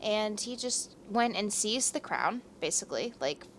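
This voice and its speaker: A young woman co-hosts a podcast and rambles through a history story. She is chatty, self-mocking and casually profane. Her voice is mid-pitched, with a faint hiss underneath. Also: animated, unhurried. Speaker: podcast co-host.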